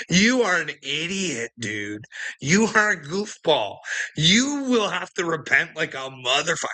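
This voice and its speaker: A man with a medium-pitched, sharp-toned voice delivers a profane, confrontational rant at someone in a monologue to camera. He laughs between his jabs.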